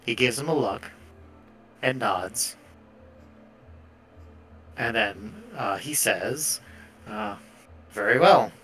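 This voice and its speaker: Guy running a tabletop game, gravelly bright voice, kinda halting. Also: medium pitch, faint music behind. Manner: relaxed, hesitant narration with fillers. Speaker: game master.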